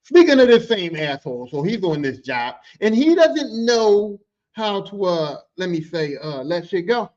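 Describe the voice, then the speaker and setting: High-voiced profane storytelling man. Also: a little slow, highs cut off. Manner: profane, animated, jumps into quoted voices. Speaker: podcast host telling work stories. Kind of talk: casual storytelling.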